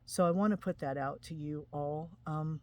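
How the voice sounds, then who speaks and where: A woman in her forties from Utah, telling an emotional personal testimony to camera in an earnest, halting way. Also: sits low, dark tone. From Utah, USA. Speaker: spiritual vlogger.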